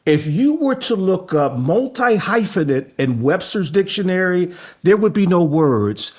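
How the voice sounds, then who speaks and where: A man hosting a podcast, talking in a theatrical, playful way with booming call-outs. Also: sing-song, a little slow, slightly rough. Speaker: podcast host. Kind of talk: flamboyant podcast intro and interview.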